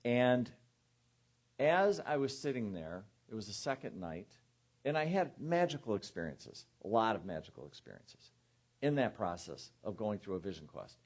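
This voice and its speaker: A man preaching as a guest minister, telling a personal story to a congregation and quietly acting out the inner voices in it. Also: on the low side, very animated, moderate pace. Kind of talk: sermon storytelling.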